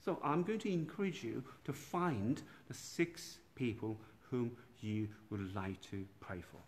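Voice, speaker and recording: A man, a priest, giving an informal night prayer talk in a gentle, halting way, with many pauses and restarts, recorded without a proper microphone. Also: medium pitch. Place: dark church room by candlelight. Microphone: no external microphone, built-in device mic. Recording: poor sound quality without microphone.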